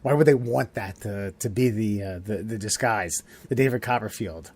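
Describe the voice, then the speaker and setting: A man's voice: lowish voice, normal speed, darkish tone, dry recording. A man hosting a casual podcast chat, rambling and profane, often laughing. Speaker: podcast host.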